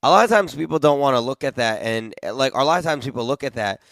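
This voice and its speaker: A man's voice: medium pitch, expressive, fast talker, gravelly, fairly bright tone, dry recording. A man hosting a podcast who sums up his guest's story and praises him in a casual, encouraging way. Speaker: podcast host. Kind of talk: casual interview chat.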